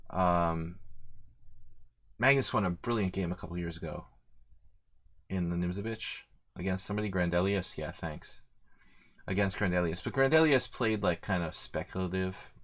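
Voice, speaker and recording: Man, deep voice, chess streamer, talks through moves as he plays, meandering, lots of "like". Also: normal speed, long pauses, a bit bright. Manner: thinks aloud, rambling, heavy use of "like". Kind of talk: live commentary while playing blitz chess.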